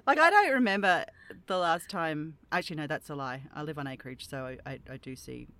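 An Australian woman with a notably low voice hosts a casual interview. She rambles with easy self-deprecation and laughs at her own puns. The talk is loose and conversational. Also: animated, fairly quick, fairly bright tone, no echo. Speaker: podcast host interviewing a voice actor. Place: home, rural property.

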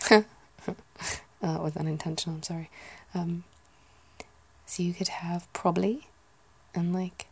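British woman whispering asmr chat, low husky voice w/ some fry, rambly and soft. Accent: British English. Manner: soft, rambling, musing aloud.

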